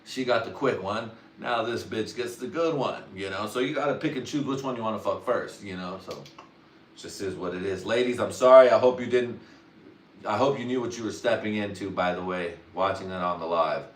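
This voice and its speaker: A man's voice: fairly low pitch, brisk, distant mic. A man talking casually on a livestream, rambling crudely with heavy swearing. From Mexican family. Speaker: livestream host. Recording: roomy sound from away from the mic.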